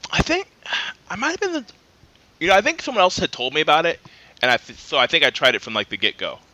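A man's voice: fairly high pitch, huge pitch swings, quick pace, sharp tone, dry recording. A man co-hosting a podcast in casual chat, blunt and swearing casually. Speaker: podcast co-host.

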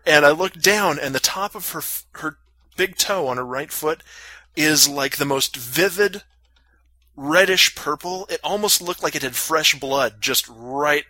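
A man's voice: on the high side, bright, forceful tone, no room sound. A man casually telling a long story on a podcast, full of fillers and crude jokes. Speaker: podcast co-host.

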